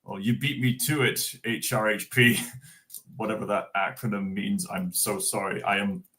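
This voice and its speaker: A man's voice: lowish voice, fairly even intonation, normal speed, bright, forceful tone. A Scottish man hosting a livestream, chatting casually in a jokey, rambling way. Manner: jokey, giggly, rambling with fillers. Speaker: streamer host.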